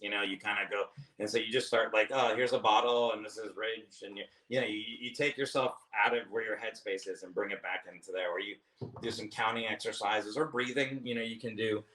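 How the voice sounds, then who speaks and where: Rambling, bright-voiced comedian. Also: male voice, lowish voice, steady tone, fairly quick. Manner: rambling, self-interrupting storyteller, swears freely. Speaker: comedian guest. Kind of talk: casual podcast chat.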